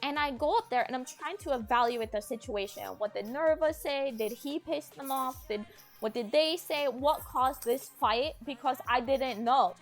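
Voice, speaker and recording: A woman's voice: sits high, moderate pace, soft background music. A young woman streamer telling a long personal story in a rambling way, full of "like" and swearing. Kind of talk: casual storytelling to stream chat.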